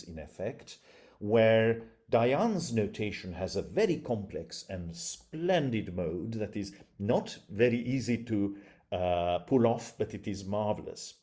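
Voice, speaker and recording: A man's voice: lowish voice, mellow. A man giving a formal academic lecture over a video call, with learned phrasing and frequent hesitant fillers.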